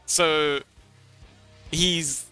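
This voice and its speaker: Male streamer, game master, casual and animated storyteller, slightly high voice, bright tone. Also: very slow, smooth, no room sound, faint music behind. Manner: animated storytelling, laughs often. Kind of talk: casual livestream chat.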